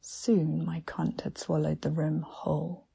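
A woman narrating an erotic story in a slow, hushed, breathy half-whisper. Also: low-pitched, level tone.

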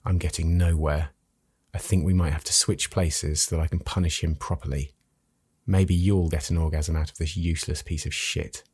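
A man's voice: a bass voice, fairly even intonation, normal speed, a little mellow, husky, no echo, studio quality, heavily acted. A man voicing an impatient, domineering woman with a scornful, commanding manner in an erotic story reading.

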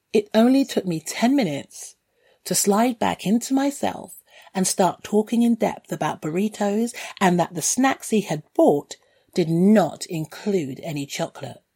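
A woman's voice: fairly low pitch, darkish tone, slightly rough. A woman reading a first-person story in a candid, dryly wry way. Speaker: narrator.

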